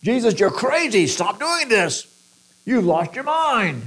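Insistent, scolding family members pile on their demands, pitched up and rising and falling sharply, as a preacher puts them on. They sound sure they know best. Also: male voice, big pitch swings, moderate pace.

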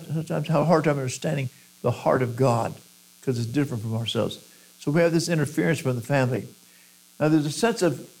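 A man's voice: mid-range voice, vocal fry, darkish tone, poor audio. A man preaching a sermon who acts out quoted voices and sometimes repeats words.

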